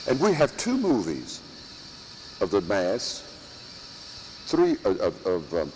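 Man, priest giving a sermon, slow deliberate delivery, lively rising and falling pitch, long hall echo. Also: a little hiss or hum. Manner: slow, emphatic preaching with long pauses and rhetorical questions. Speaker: priest teaching at a monastery. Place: church or monastery chapel.

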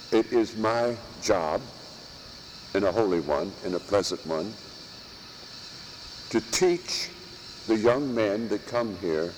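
Man, priest giving a sermon, slow deliberate delivery, lively rising and falling pitch, long hall echo. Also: a little hiss or hum. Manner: slow, emphatic preaching with long pauses and rhetorical questions. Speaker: priest teaching at a monastery. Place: church or monastery chapel.

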